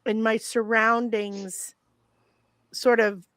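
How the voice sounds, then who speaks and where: A woman in her fifties with a gravelly voice, reflecting casually on her past acting work on a panel. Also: fairly high pitch, level tone, slow pace, no room sound. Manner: reflective, warm storytelling with laughs. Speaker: guest, former child actress.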